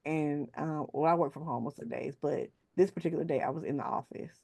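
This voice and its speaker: A woman author as a podcast guest, telling casual, animated stories in a colloquial way. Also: low-pitched, quick pace, vocal fry, no echo. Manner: animated, colloquial, acts out voices of others. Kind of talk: casual storytelling interview.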